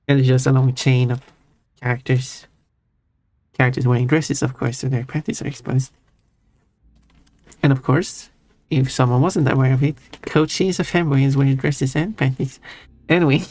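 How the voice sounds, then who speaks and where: A man's voice: medium pitch, steady tone, measured pace, long pauses, no echo. A man streaming live, chatting casually and teasingly with his chat and chuckling often. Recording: faint music under voice. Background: soft background music.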